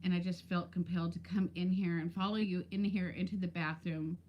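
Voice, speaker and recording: A woman's voice: fairly low pitch, little pitch movement, a little fast, dull audio, a little hiss or hum. Woman in her fifties, chatty live-stream host, storytelling, talks to viewers by name. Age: 50s. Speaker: weight-loss vlogger. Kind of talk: casual live-stream chat.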